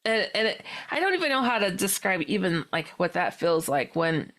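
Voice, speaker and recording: A woman, a paranormal author appearing as a guest, telling a personal story in an animated way and acting out the dialogue. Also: on the low side. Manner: acts out dialogue with quick quotes and laughs.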